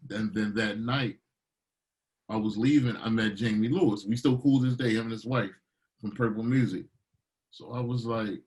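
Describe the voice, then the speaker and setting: In a casual interview, a middle-aged man from Baltimore, a DJ and producer, spins animated stories in a voice on the low side, voicing other people's quotes himself. The recording quality is low.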